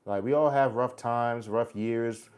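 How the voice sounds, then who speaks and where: A man's voice: medium pitch, steady tone, measured pace, darkish tone. Blunt, preachy man in his forties. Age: 40s. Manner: blunt, preachy street talk with "bro" and "man". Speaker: livestream host. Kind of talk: casual live chat reading comments.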